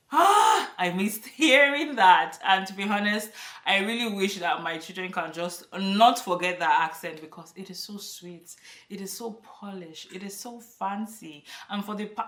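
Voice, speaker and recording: A woman's voice: on the low side, fairly bright tone. A woman in her thirties with a Nigerian accent, talking casually and emphatically to camera in a vlog. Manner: chatty, emphatic, laughs often. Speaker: vlogger. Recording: echoey room, a bit far from the mic.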